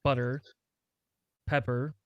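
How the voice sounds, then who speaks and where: Teasing man with quick interjections. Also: medium pitch, level tone, dull audio, background noise. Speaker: podcast co-host. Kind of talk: casual chat.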